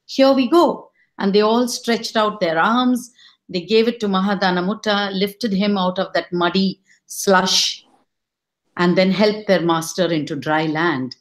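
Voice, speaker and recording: A middle-aged woman telling a folk tale to listeners, expressive and rising high when she quotes her characters. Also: measured pace. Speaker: storyteller. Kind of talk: storytelling.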